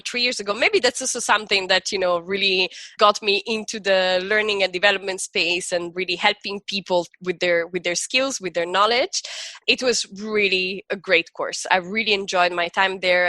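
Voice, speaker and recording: Bright, chatty woman podcast guest. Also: mid-range voice, dry recording. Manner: talkative, peppered with "you know" and "like". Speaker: podcast guest, business school founder. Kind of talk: casual interview chat.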